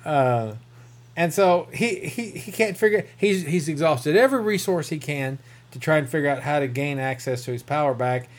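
A man's voice: on the high side, moderate pace. A man with a rural Southern American accent, rambling through a casual comic book review with self-corrections and chuckles. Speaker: comic book podcast host.

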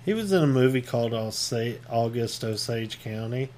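A man's voice: mid-range voice, lively intonation, normal speed, a little mellow. A man from Ohio chatting casually about movies and actors' accents, loose and talkative with lots of filler words.

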